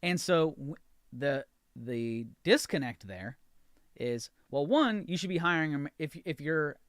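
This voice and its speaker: A man's voice: on the high side, animated, a little slow, a bit bright, no room sound, studio quality. An American man hosting a podcast, telling a frustrated story in a ranting monologue and acting out both sides of the conversations. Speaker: podcast host.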